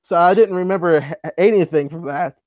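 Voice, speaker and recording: A man's voice: a little high, a little fast, a little mellow, dry recording, studio quality. A man co-hosting a live stream, laid-back and profane in casual chat, laughing often.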